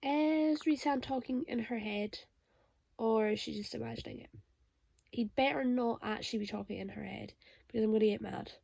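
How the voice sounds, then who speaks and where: A woman's voice: on the high side, normal speed, creaky, a little mellow, dry recording. A young woman vlogging emotional reactions aloud as she reads a novel. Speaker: booktuber reading a novel. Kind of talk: casual reading vlog reactions.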